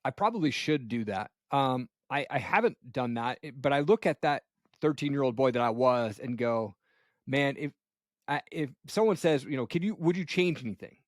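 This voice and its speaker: A man's voice: mid-range voice, expressive, moderate pace, no room sound, clean studio sound. A man in his forties hosting a podcast, talking in a laid-back, reflective way and often saying "man.". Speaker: podcast host. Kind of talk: casual conversation.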